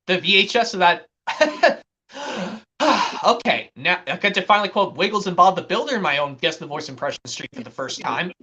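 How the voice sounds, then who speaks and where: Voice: mid-range voice, animated, normal speed, bright, forceful tone. A stream host talking casually and rambling, with frequent restarts. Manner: chatty, rambling, restarts often. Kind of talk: casual chat on a live stream.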